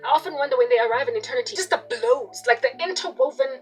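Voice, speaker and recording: A young woman with a high voice delivers a fervent religious monologue at a quick clip. She hammers her points home with emphatic repetition. Soft music plays faintly behind her. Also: expressive, rough recording. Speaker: Christian video preacher.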